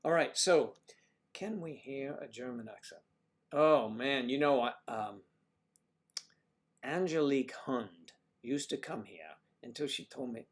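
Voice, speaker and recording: A man's voice: medium pitch, lively intonation, unhurried. A man in his thirties hosting a livestream, chatting casually and telling jokey stories. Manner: joking storyteller. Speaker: livestream host. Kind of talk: casual chat.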